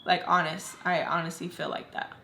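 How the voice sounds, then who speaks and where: A woman's voice: fairly low pitch, flat delivery, normal speed, gravelly, pushed and bright, slight background noise. A young adult woman vlogger telling a personal story in a candid, emotional way, with lots of "like". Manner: candid, heavy use of "like". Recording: roomy echo.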